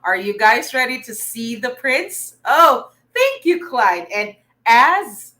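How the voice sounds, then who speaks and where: Bright, upbeat woman teacher. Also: fairly high pitch, big pitch swings, slow pace, poor audio. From Philippines. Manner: upbeat, praising, talks to viewers' comments. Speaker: online reading teacher. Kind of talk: livestreamed remedial reading lesson.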